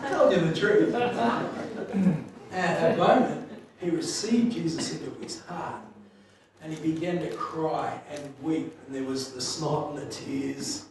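A pastor preaches in a big echoing hall, his voice high for a man and heard from a distance, off the mic. He tells his story animatedly, laughing often, swinging from loud to a hush for the tender moments, with a faint ambient hum underneath.

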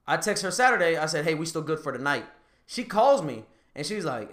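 A man's voice: fairly quick, roomy sound. A man hosting a podcast, telling a dating story in casual chat and laughing as he gets worked up. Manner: animated, laughing storyteller, rises high when excited. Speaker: podcast host.

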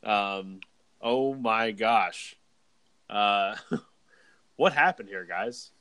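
A man's voice: lowish voice, drawn-out words, bright, forceful tone, smooth, no room sound. Young guy hosting a sports podcast, um-ing a lot, dry close sound. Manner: rambling, many fillers. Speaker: podcast host. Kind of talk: casual podcast chat.

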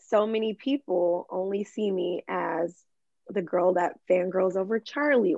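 In a dry, dull lo-fi recording, a young woman from Michigan chats with a gravelly edge to her voice. She restarts her sentences often and fills them with "like", in an easy, unscripted podcast style. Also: mid-range voice, darkish tone, no echo. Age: young adult. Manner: chatty, full of "like", quick restarts. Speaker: guest, social media creator. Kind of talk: casual podcast chat.

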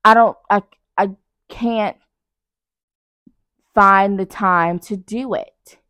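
With a clear, resonant, fairly bright medium-pitched voice, a young podcast host draws out her words in fairly even intonation, recorded dry at studio quality. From her living room couch at night, she rambles through a casual solo chat, blunt, profane and self-mocking.

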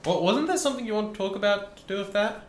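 A young man with a slightly higher voice chats casually with his friends. His pitch moves in a lively way as he chimes in with reactions and questions. The recording has a roomy echo. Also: slight background noise. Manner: reacts with quick interjections and follow-up questions. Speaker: podcast co-host. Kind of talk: casual chat among friends.

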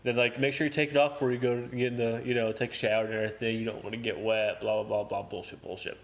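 A man's voice: mid-range voice, level tone, quick pace, vocal fry. Young man, casual podcast storyteller, profane and laughing, acts out the other voices.

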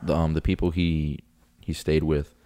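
A man's voice: very deep voice, little pitch movement, normal speed, warm tone, smooth. A young man in his twenties from Florida, co-hosting a podcast and telling a story in casual chat, acting out quotes with swearing and laughter. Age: 20s. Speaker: podcast co-host.

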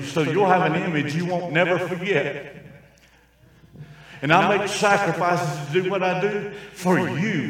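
An older man preaching a sermon in a raw, folksy style, swinging between quiet asides and shouting. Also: high voice. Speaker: traveling preacher. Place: large church hall. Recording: very echoey church sanctuary, distant mic.

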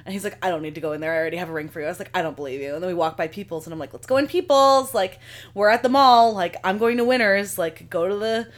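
A woman's voice: medium pitch, very fast. A young woman co-hosting a podcast, telling a story in casual chat and saying "like" often. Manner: animated storytelling, says "like" a lot. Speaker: podcast co-host.

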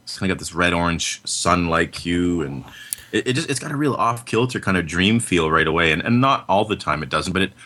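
A man's voice: low voice, lively intonation, a little fast, sharp tone. A middle-aged man co-hosting a film podcast, talking casually with many fillers and restarts. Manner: rambling, lots of fillers and restarts. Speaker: podcast co-host.

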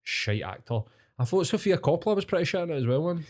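A young Scottish-accented man with a fairly high voice talks fast as a podcast co-host. His chat is casual, rambling and animated, and he swears a lot.

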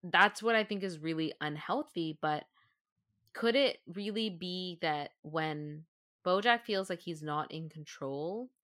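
A woman co-hosts a relaxed chat podcast, reasoning out loud and circling back with frequent fillers. Her voice sits a bit low yet sounds bright and forward. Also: a little slow, no echo, clean studio sound. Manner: chatty, thinks aloud with many fillers. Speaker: podcast co-host. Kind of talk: casual chat.

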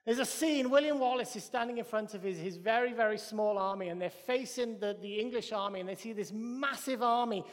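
Welsh guy preaching in church, high-ish voice, hammers points in threes, long church reverb. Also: fairly quick, few pauses. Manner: emphatic, repeats phrases in threes. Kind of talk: sermon.

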